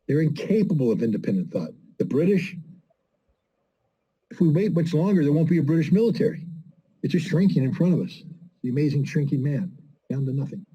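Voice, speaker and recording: A man's voice: fairly high pitch, expressive, a little fast, long pauses, dark tone, husky, poor audio. A man giving emphatic, scornful political commentary, firing off rhetorical questions as a guest in a conversation. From United States.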